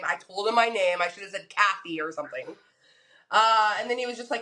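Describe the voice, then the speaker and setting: Animated young woman telling a story. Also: medium pitch, brisk. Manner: animated storyteller who acts out the people she quotes. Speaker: podcast co-host. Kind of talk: casual chat, storytelling.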